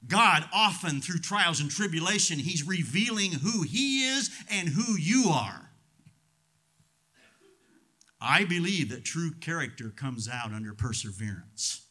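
A middle-aged man preaching a sermon as pastor, swinging from loud emphatic lines to hushed ones. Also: on the high side, sing-song, measured pace, breathy edge.

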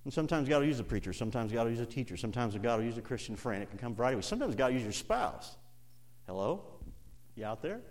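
An animated middle-aged preacher delivers a sermon in a mid-pitched man's voice. He laughs often between lines. His talk swings from quiet, low asides to loud, climbing passages. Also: rapid-fire, a little hiss or hum. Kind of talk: evening sermon.

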